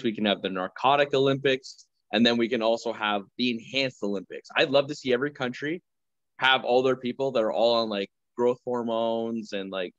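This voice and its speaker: A man's voice: medium pitch, no echo, lo-fi sound. A man as a guest on a podcast, chatting casually and rambling with many fillers. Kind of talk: casual chat.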